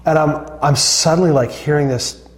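A man's voice: on the high side, normal speed. A man co-hosting a Christian talk show, earnest and reflective, often restarting his sentences. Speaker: co-host.

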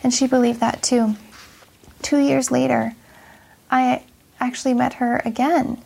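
A woman's voice: high voice, flat delivery, unhurried, gravelly, dark tone, husky. A woman nurse earnestly sharing a personal faith story in a casual chat, reflective and full of fillers.

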